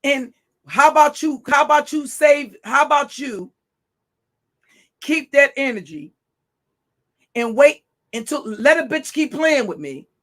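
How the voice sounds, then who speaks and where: High, sharp-voiced woman ranting profanely. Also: lively intonation, measured pace, long pauses. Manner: profane, confrontational, taunting. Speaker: livestream host. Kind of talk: ranting livestream monologue.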